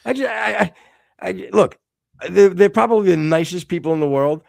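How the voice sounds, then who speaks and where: A man's voice: high voice, moderate pace, gravelly, darkish tone, no room sound, studio quality. A man co-hosting a casual podcast stream, joking crudely, laughing often and stammering. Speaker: podcast co-host. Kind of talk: casual live-stream chat.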